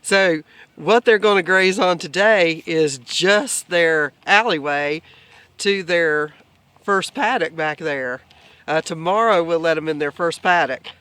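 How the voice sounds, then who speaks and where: A man explaining grazing on his farm in a relaxed, casual way. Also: a little high, slow pace, clear, resonant tone, dry recording. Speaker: homesteader filming the farm. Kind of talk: casual farm vlog narration. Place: outdoors on a farm pasture.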